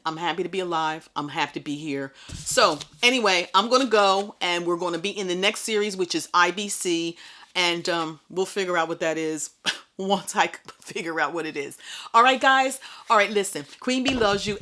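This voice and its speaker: A middle-aged woman speaking to her viewers in a relaxed, chatty way, with frank asides and humor. Her voice sits on the low side for a woman. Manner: chatty, candid and animated, with asides. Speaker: vlogger. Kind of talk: casual personal storytelling.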